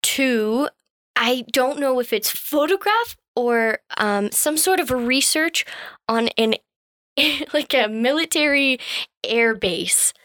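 A woman's voice: sits high, animated, slow pace, fairly bright tone. A woman who is a guest on a casual podcast, answering quiz questions playfully.

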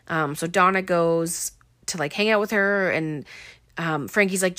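A woman's voice: fairly low pitch, a little slow, pushed and bright, no room sound, clean studio sound. A young woman casually recapping a film, chatty and full of fillers.

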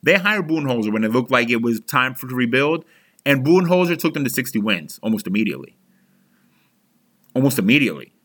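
A man's voice: medium pitch, sing-song, fast talker, a bit bright. A young man hosting a sports podcast, ranting angrily as a frustrated fan, heated and profane with frequent restarts. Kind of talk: angry fan rant.

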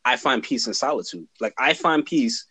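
A man's voice: mid-range voice, lively intonation, moderate pace, sharp tone, slightly rough, no room sound. A young man in casual chat on a podcast, talking bluntly and laid-back, swearing freely. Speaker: podcast co-host, cousin.

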